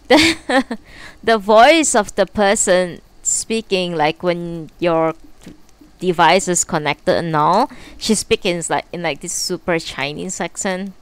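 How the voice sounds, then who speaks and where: Before a book reading, a woman chats live from her bedroom in a lowish, animated voice that is slow, clear and resonant. Her talk rambles, with plenty of swearing and fillers.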